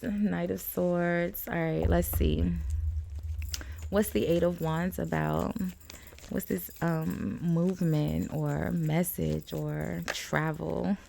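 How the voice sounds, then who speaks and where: A woman with a low, gravelly voice and a dark, mellow tone reads tarot cards in a loose, chatty way. She laughs often and talks to the viewer as "friend.". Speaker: tarot reader. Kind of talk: casual tarot card reading to camera.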